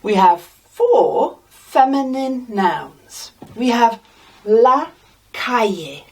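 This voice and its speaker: An English woman teaching a Spanish lesson, repeating each word slowly and deliberately for practice. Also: fairly high pitch, big pitch swings, a little mellow, breathy edge, recorded from a distance. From England. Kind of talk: slow, deliberate language lesson.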